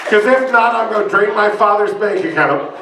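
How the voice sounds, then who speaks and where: A man performing as a drag queen in a live roast, delivering bawdy insults with shouted punchlines. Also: sits high, lively intonation, normal speed, creaky, noisy background. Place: bar function room with live audience. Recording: echoey room, mic from a distance, loud crowd.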